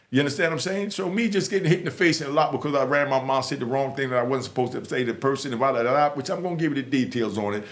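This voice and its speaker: An emphatic, streetwise man with a New York accent talks straight to the camera in front of a green screen. His voice sits at an ordinary middle pitch, and he keeps the talk loose and direct, circling back to the same point again and again. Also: fairly bright tone. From Harlem, New York. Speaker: YouTuber giving advice to youth.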